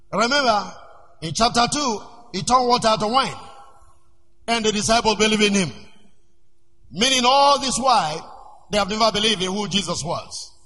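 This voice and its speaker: A man preaching a sermon as pastor, emphatic and repetitive, rising into shouts. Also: high-pitched. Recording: long church reverb.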